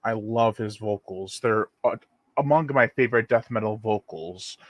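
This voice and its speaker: A man's voice: fairly low pitch, moderate pace, no room sound. A man hosting his own channel, chatting casually through an unboxing and reading viewer comments on a live stream. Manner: rambling and relaxed, reads viewer comments aloud. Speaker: channel host.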